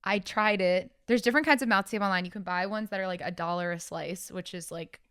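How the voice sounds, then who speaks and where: A young woman co-hosting a podcast in casual chat, animated and joking, quick to correct people. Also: mid-range voice, clear, resonant tone, no room sound, studio quality. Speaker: podcast co-host.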